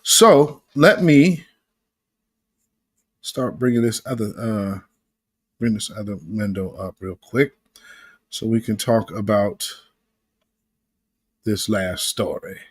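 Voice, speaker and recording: A man hosting a casual livestream, reacting to clips with animated commentary, laughing often and greeting viewers by name. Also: on the low side, takes it slowly, long pauses, breathy edge.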